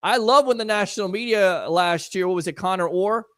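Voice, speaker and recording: High-voiced, sarcastic sports talk host man. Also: fairly quick, fairly bright tone, dry recording, studio quality. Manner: sarcastic, riffing, chatty with listeners. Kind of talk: casual sports talk show.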